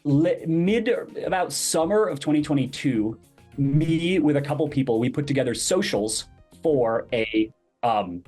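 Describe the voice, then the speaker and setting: A man's voice: a little high, lively intonation, a little slow, darkish tone, faint music behind. A man, a podcast guest, telling a story in casual conversation and acting out the dialogue he quotes. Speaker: podcast guest, crypto project founder.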